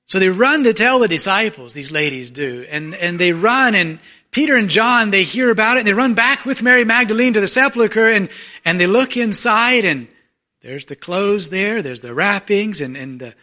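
A male preacher tells a story from the pulpit in a church. His voice sits high and sounds bright and forceful. He acts out the voices of the people in the story, rising loud and then falling almost to a murmur. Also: lively intonation, normal speed. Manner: storytelling, acting out voices, swings from loud to very soft. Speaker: pastor. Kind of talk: sermon.

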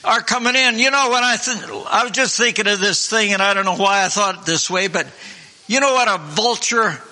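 A man preaching a sermon in a fervent, repetitive way, clearing his throat now and then. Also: high-pitched, fairly quick, bright, forceful tone. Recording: long hall reverb.

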